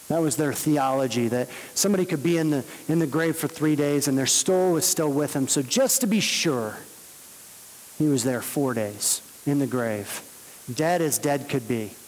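A man preaching a sermon, earnest and steady, rising to emphatic peaks. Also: a little high, in a large hall, rough recording. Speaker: pastor.

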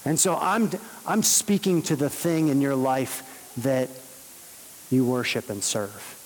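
A man preaching a sermon, earnest and steady, rising to emphatic peaks. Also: medium pitch, takes it slowly, big-room sound, slight background noise, poor audio. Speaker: pastor.

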